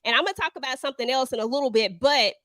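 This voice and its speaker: A woman's voice: high voice, rapid-fire, fairly bright tone, no room sound. A woman co-hosting a live chat over a video call, steering the talk with questions and laughing at her own slips. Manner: leads questions, laughs at herself. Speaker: co-host. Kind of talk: casual chat.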